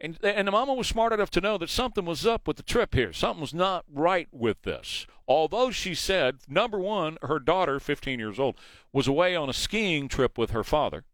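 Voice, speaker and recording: Emphatic radio talk host, dry studio sound. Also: male voice, a little high, animated, moderate pace, fairly bright tone, dry recording. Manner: emphatic, rhetorical questions. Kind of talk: morning news talk monologue.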